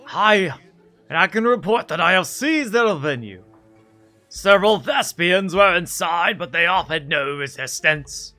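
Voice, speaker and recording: A man's voice: sits high, expressive, measured pace, pushed and bright, soft background music, exaggerated voice. A man voicing a vain, pompous male pirate captain with a put-on Scottish accent and grandiose, theatrical speech. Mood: boastful. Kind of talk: voicing game dialogue on a stream.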